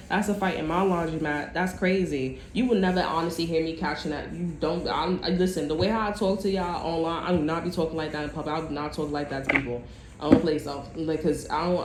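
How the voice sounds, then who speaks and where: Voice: medium pitch, slight background noise. A tarot reader talking straight to viewers in a blunt, chatty, profane way. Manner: direct address to viewers. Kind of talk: casual tarot reading monologue. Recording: echoey room.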